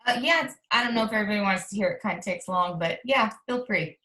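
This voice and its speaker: A woman's voice: medium pitch, quick pace, sharp tone. Hesitant woman on an echoey call. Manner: modest, hesitant, frequent ums. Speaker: teacher, workshop participant. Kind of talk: casual video call chat.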